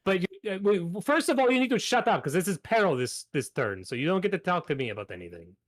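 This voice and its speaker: A man's voice: sits high, sing-song, quick pace, no room sound. A man playing a card game as a podcast guest, rambling and joking in a put-on mock foreign accent. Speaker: guest player. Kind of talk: casual tabletop game play on a podcast.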